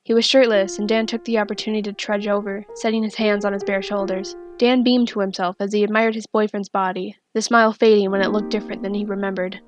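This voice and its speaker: A woman narrating a fanfiction story in a steady, soft-spoken reading. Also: medium pitch, quick pace, hardly any pauses, music in the background. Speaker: fanfiction reader.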